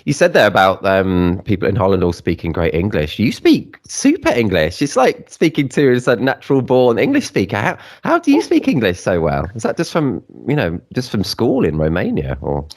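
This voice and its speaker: A man's voice: fairly low pitch, wildly swooping pitch, moderate pace, few pauses. A man hosting an interview podcast, asking questions and reacting to his guest in an encouraging, upbeat way. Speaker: podcast host. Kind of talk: casual interview chat.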